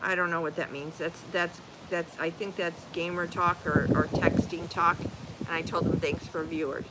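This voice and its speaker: A woman's voice: fairly low pitch, level tone, normal speed, very noisy. An older woman chatting casually outdoors as a channel host, reading viewer comments aloud and spelling names out letter by letter. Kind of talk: casual live-stream chat. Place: outdoors, rain and breeze.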